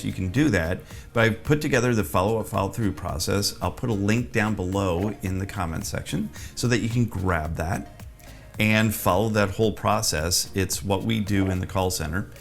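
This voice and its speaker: A man giving conversational business advice to camera as a sales coach, persuasive and chatty with asides. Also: fairly low pitch. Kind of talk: direct-to-camera advice talk.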